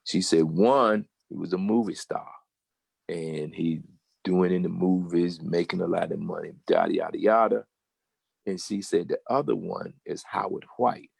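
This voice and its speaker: An older man with a Southern American accent telling a personal story in a casual, animated way and acting out the voices of the people he quotes. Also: sits low, a little slow, vocal fry, slightly rough, no room sound. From Virginia. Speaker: guest storyteller.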